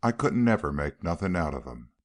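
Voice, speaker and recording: A man's voice: low-pitched, very animated, brisk. A man voicing a blunt, curious frontier girl who talks in a folksy backwoods drawl.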